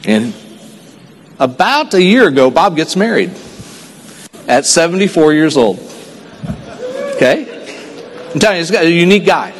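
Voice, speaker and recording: A man from Texas giving an earnest motivational stage speech at a sales convention, telling a story and dropping his voice quiet for the sad parts. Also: a little high, a little hiss or hum. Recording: long hall reverb.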